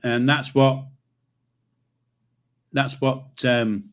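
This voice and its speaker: Talking extremely slowly in a medium-pitched voice with fairly even intonation, an older livestream host chats loosely with viewers and reads their comments. His manner is rambling, with casual swearing and chuckles to himself.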